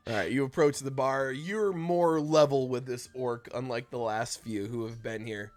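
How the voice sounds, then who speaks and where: A man's voice: medium pitch, moderate pace, soft background music. A man running a tabletop game as dungeon master, narrating casually with rambling asides and cursing.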